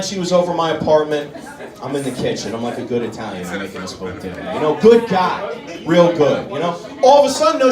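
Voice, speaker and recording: A man doing live stand-up comedy in a comedy club, talking directly to the crowd in an animated way. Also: high-pitched. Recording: roomy club, distant mic, crowd laughter.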